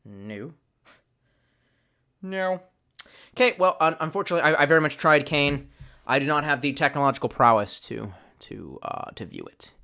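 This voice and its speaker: A man's voice: on the high side, animated, quick pace, creaky, bright, forceful tone. A man hosting a casual livestream, reading viewer comments and rambling with lots of swearing and restarts. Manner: rambling, profane, self-interrupting. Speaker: livestream host.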